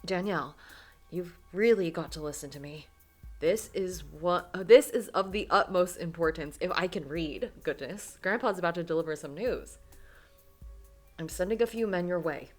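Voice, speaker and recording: A woman reads a stern grandfather in a game story who gives short, firm commands and will not be argued with. The voice sits low and unhurried. Soft music plays faintly underneath. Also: natural voice. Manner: firm, clipped orders.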